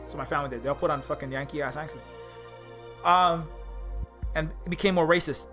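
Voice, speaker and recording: A man's voice: a little high, quick pace, pushed and bright, soft background music. A man from Hawaii, an indie game developer, delivering a heated, profane rant full of restarts and repetitions. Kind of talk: ranting monologue.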